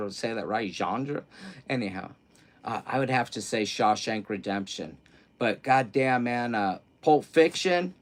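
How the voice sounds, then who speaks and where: A middle-aged man chatting casually on a livestream, rambling and joking at himself as he unpacks clothes and reads out chat messages. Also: mid-range voice. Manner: rambling, loose, self-mocking, reads chat aloud. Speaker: livestream host. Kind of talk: casual live-stream chat, unboxing clothes.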